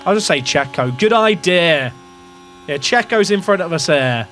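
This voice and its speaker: A man's voice: on the high side, expressive, moderate pace, a bit bright, slight background noise. An English man, a gaming streamer, talking through his racing-management game to chat in a rambling, self-questioning way, with the odd swear word. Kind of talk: casual game commentary to chat.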